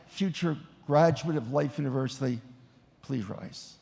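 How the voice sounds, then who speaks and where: A man's voice: medium pitch, unhurried, vocal fry, dark tone. An older man, a professor, leading graduates through a recited oath at a ceremony in an emphatic, proud way, with phrases spaced for them to repeat. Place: large ceremony hall. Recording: long echo of a large hall.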